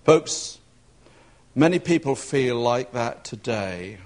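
A man's voice: expressive, takes it slowly. A man preaching a sermon, telling a story and acting out the voices in it. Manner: storytelling preacher, acting out shouts and quotes with rising pitch.

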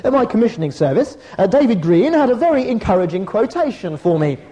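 A man preaching a sermon as a pastor, telling a personal story with measured, dramatic pauses and slowed emphasis. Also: high voice, big pitch swings, mellow, dull audio.

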